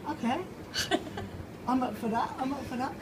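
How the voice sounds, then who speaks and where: A man voicing an eager male caterpillar turned butterfly, halting and sweet in a slightly tipsy storybook voice, recorded outdoors. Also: very high-pitched, a crowd in the background, pitched above the performer's own voice. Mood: amused. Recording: noisy outdoor pub ambience.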